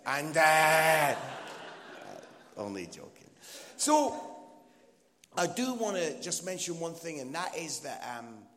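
A man's voice: medium pitch, fairly bright tone. A man from Edinburgh with a Scottish accent, a guest preacher and comedian giving a chatty, teasing sermon with many fillers. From Scotland, Edinburgh. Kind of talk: casual, joking sermon talk. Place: church hall. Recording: long hall reverb.

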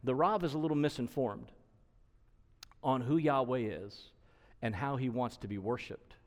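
A man's voice: mid-range voice, moderate pace, in a large hall. A male preacher giving an expository sermon, emphatic and explanatory, who repeats his points for stress.

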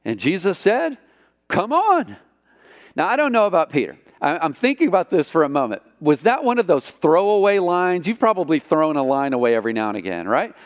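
A man preaching a sermon as pastor, storytelling with lively delivery and acting out the quotes. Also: on the high side, fast talker, hardly any pauses, long reverb tail. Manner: animated storytelling, acts out quotes.

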